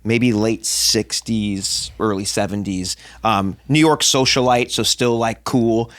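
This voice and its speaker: Relaxed, rambling podcast host man. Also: fairly low pitch, dry recording. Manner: relaxed, rambling, halting with fillers. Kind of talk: casual podcast chat.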